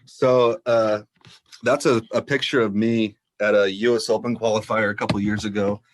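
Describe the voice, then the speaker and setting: A man with a fairly low voice tells a story in a relaxed, chatty way. He is a golf professional talking on a video call, and he acts out the quotes with lively energy and frequent laughter. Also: normal speed, noisy background. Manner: animated storyteller acting out quotes, laughs often. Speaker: head golf professional, podcast guest. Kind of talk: casual storytelling in an interview.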